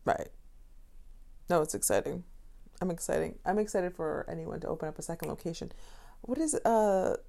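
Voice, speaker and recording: A woman from Connecticut in a relaxed chat. Her voice sits mid-pitch with a noticeable gravelly fry. She tells lively stories and slips into the voices of the people she talks about. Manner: chatty storyteller, acts out what people said. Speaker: podcast co-host, bartender. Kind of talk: casual chat.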